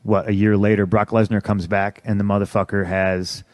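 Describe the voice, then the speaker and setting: A man's voice: on the low side, little pitch movement, normal speed, a little mellow, dry recording. A man in his thirties from the United States, a professional wrestler telling an interviewer his story in blunt, profane, griping casual talk. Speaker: interview guest, pro wrestler.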